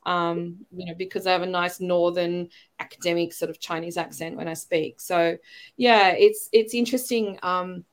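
A woman's voice: lowish voice, fairly even intonation, normal speed. A middle-aged woman with an Australian accent, a podcast guest talking in a rambling, chatty way with light laughs between phrases. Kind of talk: casual interview chat.

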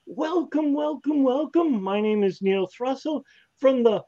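Upbeat joking host, male, from Canada; high, animated voice, mellow timbre, dull lo-fi stream sound. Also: a little slow, no room sound. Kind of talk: live online show hosting.

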